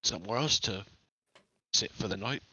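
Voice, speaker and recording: A man playing a tabletop game, describing his character in a flat, deadpan manner. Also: fairly low pitch, normal speed, slightly rough, no room sound, lo-fi sound. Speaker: player. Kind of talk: casual tabletop role-play.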